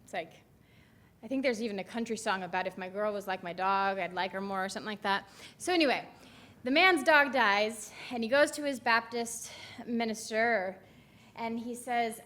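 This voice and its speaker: A woman's voice: medium pitch, moderate pace, fairly bright tone. A woman minister giving a Sunday talk in a rambling, chatty, self-deprecating way, speaking into a microphone in a church. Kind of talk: sermon. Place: church sanctuary.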